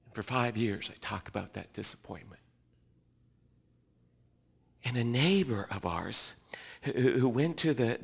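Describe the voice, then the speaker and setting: A middle-aged male pastor preaching a sermon, moving between loud emphatic passages and hushed, almost whispered reflection. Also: mid-range voice, moderate pace, vocal fry, pauses often.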